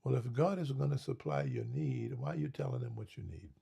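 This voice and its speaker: Gravelly emphatic male preacher. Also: medium pitch, sing-song. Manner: emphatic, slows and gets louder on scripture. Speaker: pastor and co-host. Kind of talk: preaching in casual chat.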